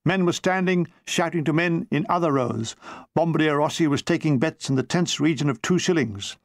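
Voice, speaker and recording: A man with a high, gravelly voice reads his memoir in a dry, comic way, now and then slipping into a quick voice for someone in the story. The recording is close and dead, with no room sound. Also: dry recording. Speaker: author reading his memoir. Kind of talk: audiobook narration.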